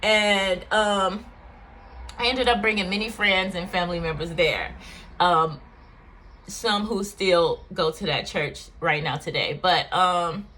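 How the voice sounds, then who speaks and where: A woman's voice: fairly low pitch, takes it slowly, sharp tone. A woman vlogger telling a candid, emotional personal story to camera, rambling with fillers.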